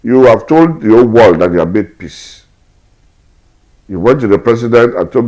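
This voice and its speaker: A Nigerian-accented man speaks in a deep, husky voice. He argues hard, piling up rhetorical questions and hammering the same point again and again. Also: lively intonation, moderate pace, low-quality recording. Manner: forceful, repetitive rhetorical questions. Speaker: political commentator. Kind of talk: emphatic political commentary.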